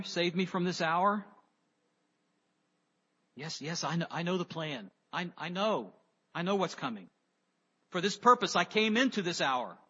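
A man preaching a sermon, emphatic, rising loud on key words and dropping low on others. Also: breathy edge. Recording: dull lo-fi sound with long reverb.

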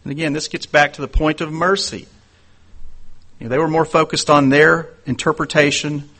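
A man preaching a sermon in an earnest, conversational way, telling personal stories and dropping into quieter asides. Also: mid-range voice. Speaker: pastor.

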